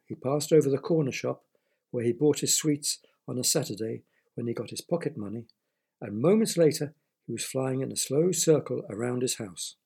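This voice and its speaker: Gravelly husky man reading a kids' story. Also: medium pitch. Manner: gentle, playful asides to the listener.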